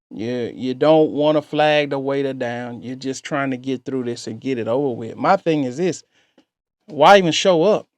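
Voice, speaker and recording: A man's voice: a little high, no room sound. A man hosting a reaction channel, talking through a story clip and giving his own dating advice to viewers.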